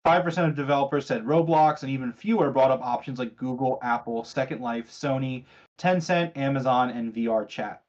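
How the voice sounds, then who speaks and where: A man's voice: medium pitch, fairly quick, darkish tone, dull audio. A man hosting a casual gaming podcast, reading news items aloud and asking co-hosts questions, with a sarcastic streak. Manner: chatty, sarcastic, leads the discussion. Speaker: podcast host.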